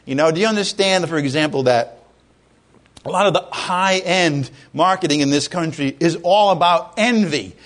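High-voiced man preaching a lively sermon. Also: normal speed. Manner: conversational, asks the congregation questions, rises to loud exclamations. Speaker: pastor.

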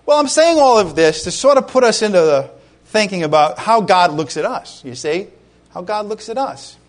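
A middle-aged man from Rhode Island preaching a sermon as a pastor, conversational and animated, with frequent asides to the congregation. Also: sits high, moderate pace.

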